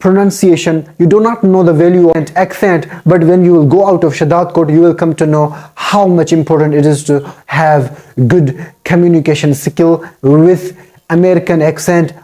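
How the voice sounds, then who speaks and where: Man, pronunciation lesson, repeats words, warm dark tone. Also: on the high side, moderate pace. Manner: repetitive, drills each word aloud. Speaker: English pronunciation teacher. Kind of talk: instructional talk.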